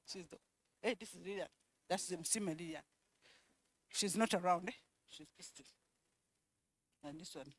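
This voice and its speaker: A woman presenting at a conference, calling out attendees' names one by one and repeating each, with quiet asides in between. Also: on the low side, measured pace, pauses often. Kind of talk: roll call at a conference.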